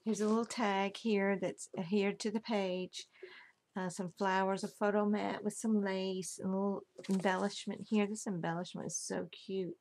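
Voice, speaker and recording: A woman's voice: mid-range voice, little pitch movement, moderate pace, a little mellow, slight background noise. A woman casually showing off a handmade album she crafted, gushing over every detail. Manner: gushing, admiring each detail. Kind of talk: casual craft show-and-tell.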